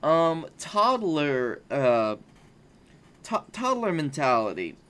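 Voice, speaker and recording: A man co-hosting a podcast, chatting casually and calmly. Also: fairly high pitch, takes it slowly. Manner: easygoing, brief backchannel replies. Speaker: podcast co-host. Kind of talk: casual chat.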